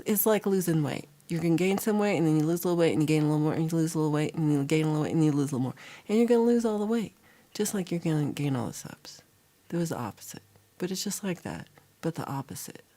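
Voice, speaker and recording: A woman's voice: sits low, warm tone. A woman hosting a livestream, chatting casually and teasingly with her viewers. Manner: playful, teasing, drawn-out delivery. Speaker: livestream host. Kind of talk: casual chat with live viewers. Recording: music playing behind.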